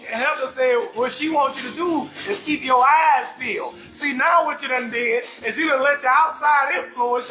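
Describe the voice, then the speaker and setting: High, loud New Orleans man. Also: reverberant. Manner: loud, animated, often shouting, profane. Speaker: talk show host. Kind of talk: live comedy talk show, reading viewer comments.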